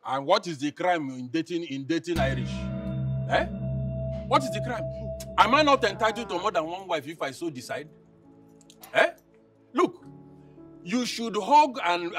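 A crude mocking Nigerian chief, high and lively voice, somewhat distant mic. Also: male voice, moderate pace, faint music behind. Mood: scolding. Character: boastful philandering middle-aged chief, crude. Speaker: husband and chief. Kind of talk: Nollywood film acting.

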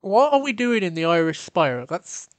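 A woman's voice: fairly low pitch, very animated, normal speed, darkish tone, no room sound. A woman streamer giving playful, profane, casual commentary while playing a game.

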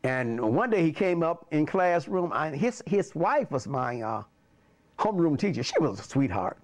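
Older pastor telling his stories; animated and chuckling, with a lively, rather high voice. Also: moderate pace. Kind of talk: personal storytelling.

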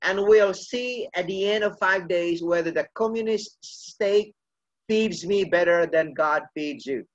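Preacher voicing a mocking stout prison captain. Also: male voice, sits high, measured pace, lo-fi sound.

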